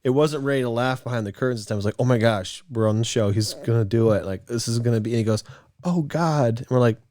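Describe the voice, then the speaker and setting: A man's voice: mid-range voice, fairly even intonation, dark tone. A man co-hosting a podcast in casual chat, telling stories and laughing often. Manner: laughs often, quick storytelling. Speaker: podcast co-host.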